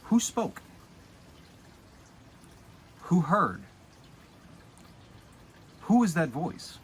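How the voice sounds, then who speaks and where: Husky man teaching softly. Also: big pitch swings, drawn-out words. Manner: guides listener through exercise, often drops to soft low voice. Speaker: spiritual teacher. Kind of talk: casual spoken teaching to camera.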